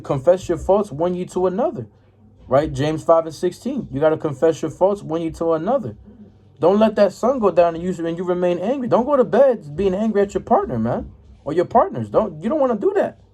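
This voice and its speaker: Casual man teaching scripture, mellow voice. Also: a little high, breathy edge. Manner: casual, repeats "right?" and "man", stumbles while finding verses. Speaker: religious teacher.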